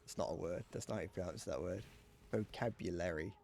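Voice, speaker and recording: A man's voice: sits low, racing, vocal fry, a little mellow, slight background noise. A British man chatting casually on a gaming livestream, swearing freely and laughing often. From Britain. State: sweaty while gaming. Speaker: streamer.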